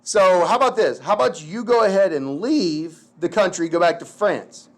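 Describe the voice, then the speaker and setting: A man voicing George Washington as a calm, firm older statesman, drawling with laid-back slang. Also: high-pitched, normal speed. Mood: dismissive.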